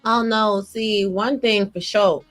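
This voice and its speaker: A woman's voice: mid-range voice, fairly even intonation, takes it slowly, dry recording, soft background music. A woman telling a sassy, emphatic story in a casual podcast chat, often stressing points with "okay.".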